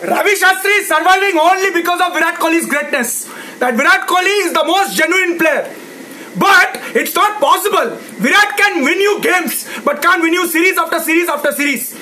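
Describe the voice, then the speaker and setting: A man with an Indian English accent, ranting angrily to camera, shouting, swearing and repeating himself with sarcastic jabs. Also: very high voice, moderate pace, a little hiss or hum, poor audio. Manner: mocking sarcastic drops. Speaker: ranting cricket fan. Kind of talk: angry rant to camera.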